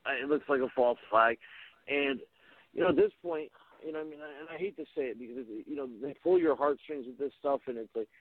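A man, himself a radio host, talking casually as a guest, halting and full of "you know" and restarts. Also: mid-range voice, big pitch swings, gravelly. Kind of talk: casual call-in conversation. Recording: tinny phone line.

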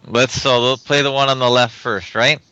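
A man's voice: medium pitch, fairly even intonation, moderate pace, sharp tone, clean tone, dry recording. A man hosting an internet call-in radio show, giving short, easygoing replies and reading out directions. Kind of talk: casual call-in radio talk. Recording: dull lo-fi sound.

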